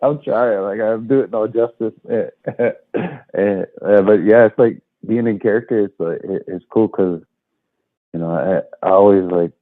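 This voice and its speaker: A man with a very low voice chats as a guest in an easygoing, rambling way, leaning on fillers. He comes through a tinny, phone-like call line that sounds dry, with no room echo. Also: steady tone, a little slow. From Leech Lake, Minnesota. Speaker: guest comedian. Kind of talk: casual interview chat.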